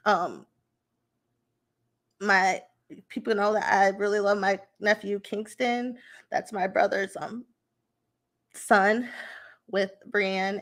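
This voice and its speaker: Heartfelt woman podcaster, gravelly voice. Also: medium pitch, a bit bright. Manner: emotional, heartfelt, rambling with fillers. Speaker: podcast host. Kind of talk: casual personal talk.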